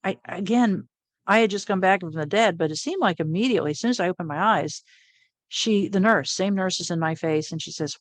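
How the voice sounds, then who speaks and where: A middle-aged woman, an interview guest, telling a personal story in a lively way, often laughing and acting out what people said. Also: on the low side, brisk, no echo. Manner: animated, laughs often, acts out quoted lines.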